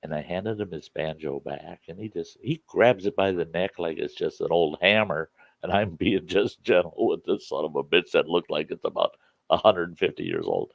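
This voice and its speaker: A man's voice: low voice, expressive, moderate pace, vocal fry, no room sound, muffled recording. A man hosting a casual chat show, telling rambling, folksy stories with many restarts. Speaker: campfire chat show host.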